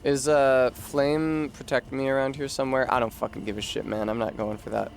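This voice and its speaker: A man's voice: medium pitch, flat delivery, brisk, vocal fry. A man streaming a video game, chatting casually with viewers in a rambling, profane way. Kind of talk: casual chat while gaming.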